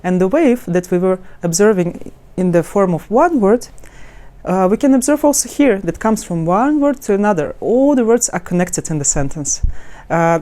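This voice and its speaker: Soft-toned woman teaching pronunciation. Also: mid-range voice. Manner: halting, many restarts and fillers; demonstrates words slowly and melodically. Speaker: language teacher. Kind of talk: explaining pronunciation to camera.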